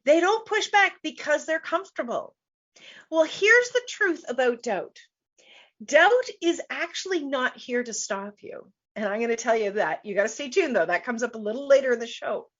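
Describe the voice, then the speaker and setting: A woman's voice: a little high, sing-song, normal speed, fairly bright tone, highs cut off. A woman business coach hosting a live online show, speaking emphatically and repeating her key points. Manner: emphatic, repeats key phrases, laughs easily.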